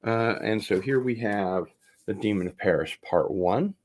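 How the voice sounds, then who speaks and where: A man hosting a casual vinyl record unboxing, chatting as he opens packages and wandering off on tangents. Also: on the low side. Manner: rambling, drawn-out, talks things over while opening packages. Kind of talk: casual livestream unboxing chat.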